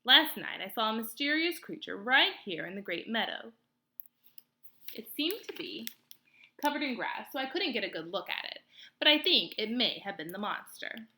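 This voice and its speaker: A woman reading a storybook aloud, voicing a fussy male owl elder who proclaims loudly to a crowd of animals. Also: very animated, moderate pace. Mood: uneasy. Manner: loud, proclaiming, shrill when alarmed.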